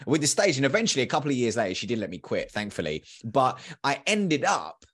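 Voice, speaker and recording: A British man in his thirties, a guest on a podcast, telling his story in a lively, slangy way. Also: medium pitch, fast, breathy edge. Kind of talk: casual storytelling in an interview.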